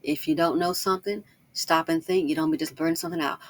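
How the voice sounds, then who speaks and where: A woman giving casual online commentary, talking fast and slangy and repeating points for emphasis. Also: low voice, fairly even intonation, no room sound. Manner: talks fast, tries to slow herself down. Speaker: YouTube commentator.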